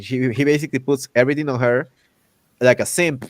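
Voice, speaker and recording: A man hosting a casual chat, ranting in an animated way and acting out characters' lines with exaggerated voices. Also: mid-range voice, brisk, dry recording. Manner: loose, repetitive restarts while ranting. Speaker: podcast host.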